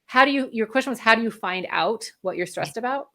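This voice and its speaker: A woman's voice: on the high side, expressive, fast talker, a bit bright. A woman working as a functional medicine practitioner, explaining health topics energetically in an interview and laughing often. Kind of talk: interview conversation.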